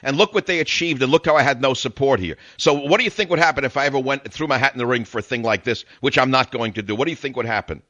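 A man's voice: mid-range voice, quick pace, hardly any pauses, sharp tone, no room sound. An older man hosting a call-in radio talk show, speaking emphatically and preachily, repeating phrases for effect. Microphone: studio broadcast mic.

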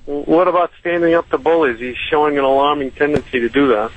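A man's voice: on the high side, steady tone, fast, phone-quality sound, voice pushed up, natural voice. A man voicing a fawning male doctor on a radio show.

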